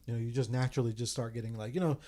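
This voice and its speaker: A man's voice: medium pitch, fairly even intonation, very fast, dark tone. Candid thirty-something man reflecting. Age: 30s. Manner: candid, reflective, swears casually. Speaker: podcast host. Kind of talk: casual podcast chat.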